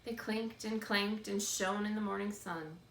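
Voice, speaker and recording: A woman narrating a children's book in a steady, expressive read-aloud. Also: medium pitch, measured pace. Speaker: storybook reader. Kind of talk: scripted narration. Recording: roomy, distant mic, faint background noise.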